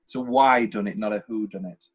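A man's voice: lowish voice, a little fast, slightly rough, lo-fi sound. A man co-hosting a podcast, chatting casually and enthusiastically about a film, rambling with restarts. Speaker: podcast co-host. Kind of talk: casual film review chat.

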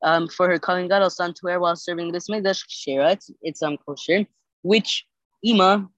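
A podcast host reading the daily Talmud page aloud and translating it line by line, halting with many fillers and self-corrections, sleepy and yawning. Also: medium pitch, fairly even intonation, a bit bright, no room sound, dull audio.

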